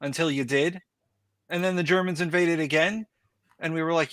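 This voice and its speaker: A man's voice: on the high side, steady tone, normal speed, a bit bright, dry recording. A man speaking as a podcast guest, blunt and profane. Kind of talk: casual podcast chat.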